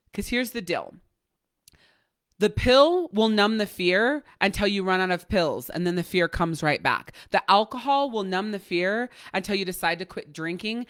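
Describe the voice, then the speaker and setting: A woman life coach giving a motivational coaching talk, blunt and profane, driving points home with fast repetition. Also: mid-range voice, a bit bright, dry recording, clean studio sound.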